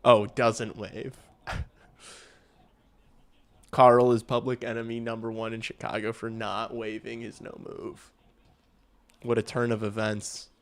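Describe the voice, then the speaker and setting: A man hosting a hockey livestream, calling the game in casual play-by-play and getting loud and excited on big chances, with some swearing. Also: mid-range voice, takes it slowly, pauses often. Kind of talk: casual live play-by-play commentary.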